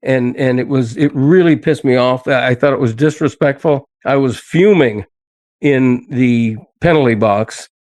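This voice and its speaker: A man's voice: medium pitch, measured pace, a little mellow, no echo. An older man hosting a podcast in casual chat, talking in an indignant way that he soon laughs off. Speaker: podcast host.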